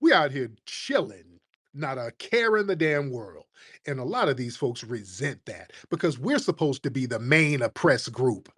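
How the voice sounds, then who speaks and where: A man from the United States hosting a comedic rant, with profane, animated, mocking storytelling. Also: medium pitch, normal speed, husky. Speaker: host.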